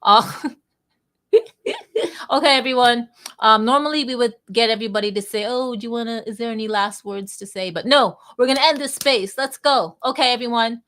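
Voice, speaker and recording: A woman's voice: fairly high pitch, fairly quick, few pauses, sharp tone. A woman hosting a live online audio chat in a bubbly, chatty, playful way. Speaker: host.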